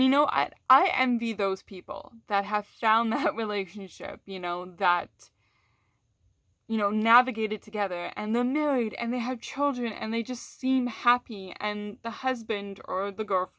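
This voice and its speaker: A woman's voice: mid-range voice, unhurried, a bit bright, dry recording. Woman vlogger, casual candid chat, swears freely, frequent restarts, dry close sound. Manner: frank and profane, restarts often, laughs between words. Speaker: vlogger talking to her audience.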